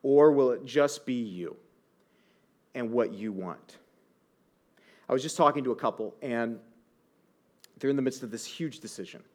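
A man in his thirties preaching a sermon as a pastor, conversational and animated, often asking the listeners rhetorical questions. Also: mid-range voice, unhurried, pauses often.

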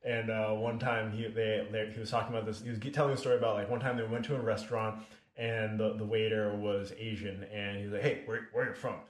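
A man's voice: fairly low pitch, little pitch movement, fast, reverberant. A man hosting a casual conversation, talking loosely with fillers and swearing. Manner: casual and profane, many fillers. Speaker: host.

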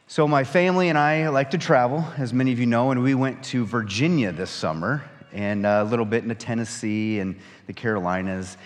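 A man, a pastor, reading scripture and then preaching in a conversational, animated way with folksy asides. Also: medium pitch, a little fast, hardly any pauses. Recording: church hall reverb.

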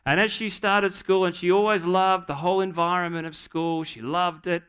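A middle-aged man preaching a sermon, telling a family story in a relaxed, humorous, conversational way. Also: high voice, moderate pace, smooth. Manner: acts out his daughter's voice in quotes. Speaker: pastor.

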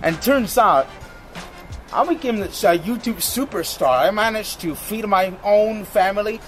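Man, high voice, slow deadpan comic narration, music behind.

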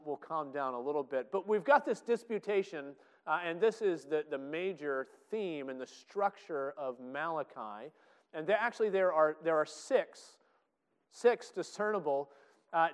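A man preaching a Bible teaching, excitable, with many filler "uh"s and restarts. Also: fairly high pitch, clean tone. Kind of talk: sermon-style Bible teaching. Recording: long echoey hall reverb.

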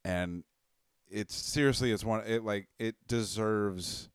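A man's voice: lowish voice, slow pace, clear, resonant tone, no echo, studio quality. A man in casual chat, laid-back and profane, often trailing off mid-thought.

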